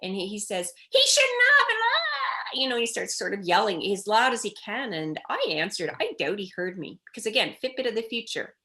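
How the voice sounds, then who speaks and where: A woman's voice: mid-range voice, brisk, few pauses. A middle-aged woman, a child development expert, telling stories in a conversational interview and acting out children's cries as she goes. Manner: animated storytelling, acting out children's cries in quotes.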